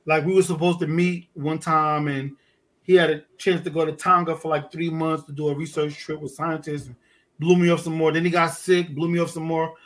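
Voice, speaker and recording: A man from Detroit with a high voice tells a story on a podcast in loose, profane street talk. He acts out every exchange, and his tone swings from loud to low. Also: little pitch movement, fairly quick. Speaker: podcast guest, underwater photographer. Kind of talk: casual storytelling chat.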